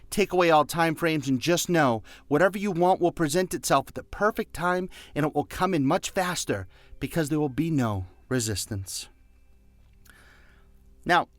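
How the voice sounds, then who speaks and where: A man's voice: medium pitch, dry recording. A man giving a motivational talk, emphatic and repetitive, leading listeners to repeat phrases after him. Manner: emphatic and repetitive, leads listeners in call-and-response. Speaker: motivational speaker.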